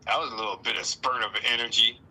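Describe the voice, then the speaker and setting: A man giving a casual spiritual talk, playful and animated, often acting out other people's voices. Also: medium pitch, fast talker, breathy edge, poor audio. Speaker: guest speaker.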